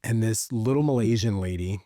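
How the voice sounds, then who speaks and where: Low-voiced male podcast host. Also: a little fast, no room sound, clean studio sound. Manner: animated storyteller, many fillers. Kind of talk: casual conversation.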